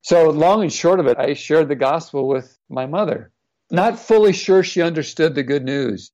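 Gravelly middle-aged man telling a story. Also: on the high side, lively intonation, normal speed, darkish tone. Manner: earnest, reflective, retelling quotes. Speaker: guest, former NFL player. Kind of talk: personal storytelling in an interview. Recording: slightly dull, lo-fi audio.

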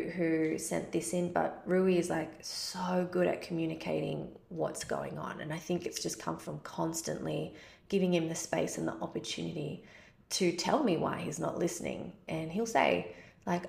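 A woman's voice: fairly low pitch, fairly even intonation, normal speed, vocal fry, darkish tone, reverberant. A woman, giving casual parenting advice as a podcast host, chatty and full of "like" fillers. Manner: chatty, many "like" fillers, acts out parent-child exchanges. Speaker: podcast host answering a listener question.

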